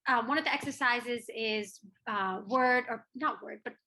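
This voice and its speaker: A young American woman talks as a guest on a casual podcast, bubbly and quick to laugh. Her voice sits high and bright, with plenty of fillers as she chats. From United States. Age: young adult. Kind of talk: casual chat.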